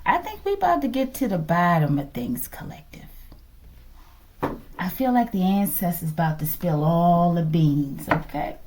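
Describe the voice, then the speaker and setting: A woman reads tarot cards for her viewers in a chatty, animated voice that swoops up and down. She often laughs and slides into soft whispers. Faint noise and clicks sit behind her. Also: fairly low pitch, normal speed. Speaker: tarot reader. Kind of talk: channeled tarot reading.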